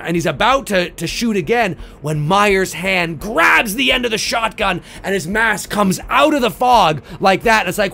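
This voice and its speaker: A man hosting a video, excitedly and profanely retelling a film idea scene by scene and acting out the moments. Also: high-pitched, moderate pace, gravelly, hardly any pauses, soft background music. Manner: excitable, profane, acts out scenes and sound effects. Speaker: video host pitching a film sequel idea. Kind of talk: animated casual retelling.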